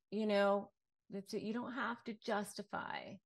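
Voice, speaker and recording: Slow, emphatic woman giving advice. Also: mid-range voice, fairly even intonation, creaky. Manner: emphatic, repeats key phrases, acts out short quotes. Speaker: attorney and online coach. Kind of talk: direct-to-camera advice talk.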